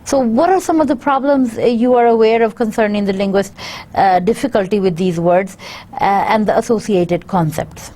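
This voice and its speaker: A woman's voice: medium pitch, warm tone. Woman lecturer. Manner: halting, many filler pauses, reads out word lists. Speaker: university lecturer. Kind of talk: recorded lecture reading from slides.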